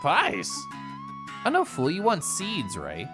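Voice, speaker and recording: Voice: mid-range voice, huge pitch swings, slow pace, pitched above the performer's own voice. A streamer voicing a male squirrel bard with a put-on Scottish accent, folksy and teasing, reading game dialogue aloud over faint music. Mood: hearty. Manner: folksy, teasing, calls people lad.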